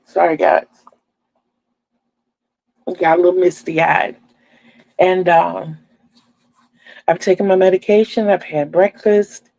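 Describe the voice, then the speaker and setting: Older woman in her sixties, crochet host, unhurried gravelly chat. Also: lowish voice, fairly even intonation, a little mellow, no room sound, rough recording. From Virginia, USA. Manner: chatty, homey, speaks to viewers as "y'all". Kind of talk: casual livestream chat.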